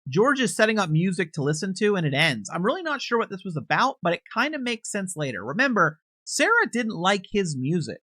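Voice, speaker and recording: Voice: mid-range voice, big pitch swings, brisk, hardly any pauses, fairly bright tone, breathy edge, no echo, clean studio sound. A commentator casually recapping video footage in a conversational, hedging way, with frequent restarts and unsure asides.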